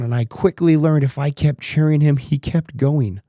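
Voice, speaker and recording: A man in his thirties hosts a podcast in a slightly high, warm voice at a normal pace, recorded in studio quality with no room sound. He tells a personal story reflectively, and as he recounts it he grows emotional and tearful.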